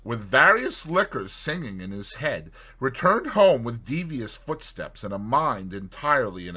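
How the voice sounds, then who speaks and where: Man narrating with lively pitch. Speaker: audiobook narrator. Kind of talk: scripted narration.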